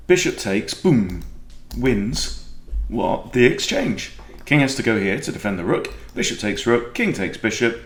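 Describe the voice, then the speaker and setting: A man's voice: medium pitch, expressive, a little slow, few pauses, echoey room. A man with a Welsh accent, a chess coach chatting and joking as he thinks aloud through a game. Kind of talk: casual game commentary.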